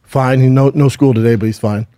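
A man's voice: mid-range voice, steady tone, fairly quick, warm tone, no echo. Middle-aged man, podcast co-host, rambling profane storytelling, dry close sound. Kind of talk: casual chat.

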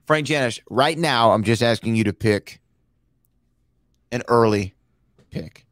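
A man's voice: medium pitch, measured pace, no room sound. Dry-sounding man, joking podcast co-host. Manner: joking, playful storyteller. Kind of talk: casual chat.

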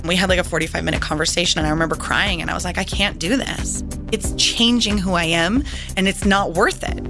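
A woman's voice: lowish voice, a little fast, over music. Woman telling a raw personal story. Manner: animated, acts out quoted voices. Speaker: interview guest.

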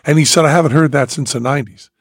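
An older man tells a long story in casual chat, with a gravelly, husky voice that sits a little high. His throat is sore, and he slips into the voices of the people in the story as he goes. The sound is close and dry. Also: rapid-fire, no echo. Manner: animated storyteller acting out other people's lines. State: sore throat after a procedure. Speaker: podcast host.

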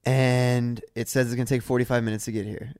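A man's voice: medium pitch, brisk, no echo, studio quality. A young man in his twenties co-hosting a podcast, telling stories in casual chat and laughing often. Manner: laughs often, relaxed storytelling. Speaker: podcast co-host.

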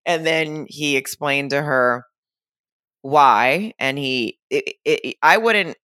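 A woman co-hosting a podcast in a casual, animated chat, acting out quotes as she goes. Her voice is bright and forward. The sound is dry and close, with no room around it. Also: extremely low pitch, slow, clear, resonant tone, no room sound. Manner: animated, acts out quotes in a raised voice. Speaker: podcast co-host. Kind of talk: casual chat recapping a reality show.

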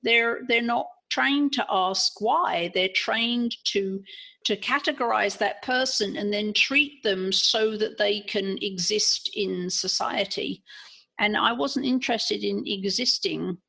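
Woman, English accent, interview guest; gravelly husky timbre, earnest and frank. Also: mid-range voice, takes it slowly, sharp tone. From England. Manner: earnest, frank, with frequent restarts. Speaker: podcast guest. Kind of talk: personal storytelling in an interview.

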